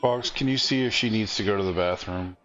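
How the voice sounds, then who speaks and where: A man's voice: on the low side, a little fast, fairly bright tone, dull audio. A man casually chatting and joking while streaming a game. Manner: chatty, joking, reads game dialogue aloud. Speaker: streamer playing an online game.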